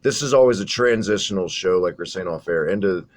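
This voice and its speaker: A man's voice: sits low, a little fast. A man hosting a casual wrestling podcast, talking in a profane, sarcastic, rambling way. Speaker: podcast host.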